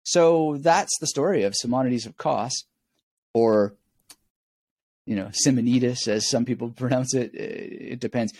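A man's voice: mid-range voice, measured pace, long pauses, darkish tone, no room sound. A man guest on a podcast, explaining memory techniques and telling stories with a wry, self-amused manner. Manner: storytelling, wry, laughs at himself. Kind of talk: explanatory interview talk.

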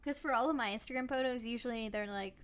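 A woman's voice: on the high side, fast talker. A young woman co-hosting a podcast, joking around casually. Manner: jokey, playful, says dude and y'all. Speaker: podcast co-host. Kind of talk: casual chat.

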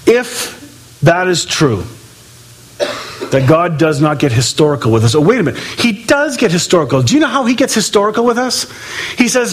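Animated, husky-voiced male preacher. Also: high-pitched, a little fast. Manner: animated, acts out quoted voices, swings loud and soft. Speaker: pastor. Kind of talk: sermon.

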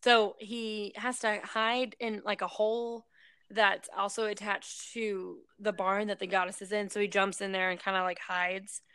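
Gravelly, bright-voiced woman rambling through a story. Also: medium pitch, flat delivery, dry recording. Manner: rambling storytelling with many fillers; acts out characters' lines in quick voices. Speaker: person recapping a film. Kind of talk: casual chat.

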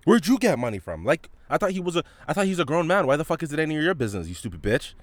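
Male host doing a loud, scornful mother nagging her teen; pitched high, dry. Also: sing-song, quick pace, no echo. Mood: loud scolding. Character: rude impatient woman, mother scolding her teen son.

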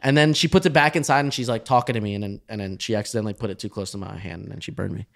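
A man co-hosting a podcast, telling a story in casual chat with many restarts, often trailing off quietly. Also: fairly low pitch, rapid-fire, vocal fry. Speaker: podcast co-host.

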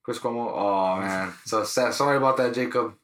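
A man's voice: mid-range voice, normal speed, fairly bright tone, reverberant, slight background noise. A man co-hosting a podcast, telling stories in loose, profane, slangy casual banter. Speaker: podcast co-host.

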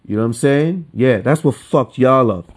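A man hosting a solo podcast, ranting with a lot of swearing and swinging between calm talk and heated outbursts. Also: medium pitch, moderate pace, slightly rough. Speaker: podcast host.

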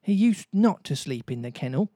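A man reading a storybook aloud, voicing an eager, bossy schoolboy who exclaims excitedly. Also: on the high side, moderate pace, dry recording, studio quality.

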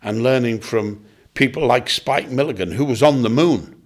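Older comedian reminiscing with comic flair. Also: male voice, mid-range voice. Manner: anecdotal, slips into quick comic impressions. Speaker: veteran comedian guest. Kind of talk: reminiscing casual chat.

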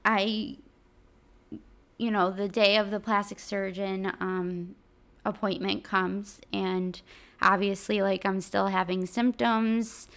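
A young woman telling her own illness story in a casual, halting way, with many fillers, at times close to tears. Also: mid-range voice, vocal fry.

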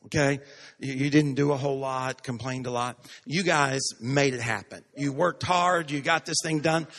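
A man preaches a sermon with a bright, forceful tone and a voice pitched a little high. He acts out small everyday scenes as dialogue, then builds to emphatic, repeated points. His voice rings with the long reverb of a church hall. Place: church sanctuary.

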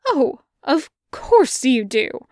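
A woman's voice: high-pitched, sing-song, slow, mellow, no echo, clean studio sound, exaggerated voice. A woman voicing an anxious, fussy male angel who stutters and pleads. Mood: flustered.

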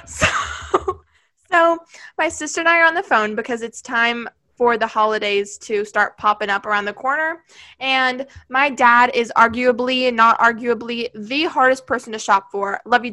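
A young woman co-hosts a chatty podcast, her voice high and bright. She tells her stories in a gushy, animated rush. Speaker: podcast co-host. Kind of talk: casual podcast chat.

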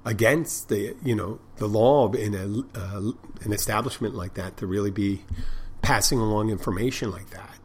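A man's voice: medium pitch, moderate pace, hardly any pauses, husky. A man who tends bar and hosts a podcast, telling stories in a rambling, profane, casual monologue with many restarts. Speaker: bartender and podcast host.

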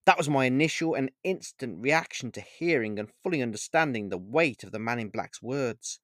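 A man reading his own short story aloud in the first person, in a measured, earnest storytelling manner. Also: mid-range voice, animated, fairly bright tone, dry recording, studio quality.

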